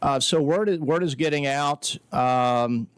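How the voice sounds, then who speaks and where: A man's voice: fairly high pitch, measured pace, clear, resonant tone, no room sound. A male guest on a radio show, talking earnestly at length with many fillers. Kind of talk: radio interview.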